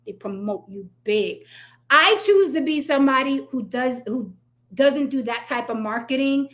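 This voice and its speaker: Blunt, profane woman ranting to viewers. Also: on the high side. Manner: blunt, profane, sarcastic, talks straight to viewers. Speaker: commentary channel host. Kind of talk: casual ranting commentary.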